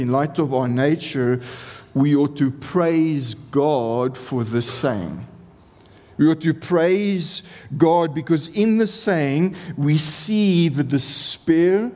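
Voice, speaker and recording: Male preacher, slightly high voice, slow deliberate delivery, earnest and impassioned, long hall reverb. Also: darkish tone. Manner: earnest, impassioned, repeats phrases for emphasis. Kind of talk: sermon.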